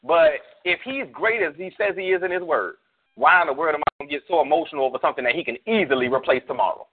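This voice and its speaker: A man serving as pastor preaches in a relaxed, slangy way, leaning on made-up scenarios to drive his point home. His voice sits a bit high. The audio comes through a thin, tinny phone-like line. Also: fast, breathy edge. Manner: preachy storyteller, spins hypotheticals, slangy. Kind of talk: casual church talk show on a call.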